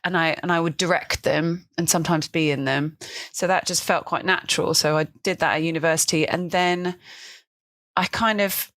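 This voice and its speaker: Chatty lower-voiced woman, dry sound. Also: steady tone, normal speed, fairly bright tone, no echo. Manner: chatty and self-mocking, laughs often. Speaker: guest improviser. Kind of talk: casual podcast interview.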